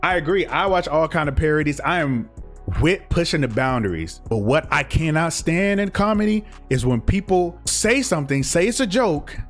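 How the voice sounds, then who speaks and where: A man's voice: on the high side, lively intonation, normal speed, soft background music. A young man, giving a blunt, profane, heated commentary rant as a reaction streamer.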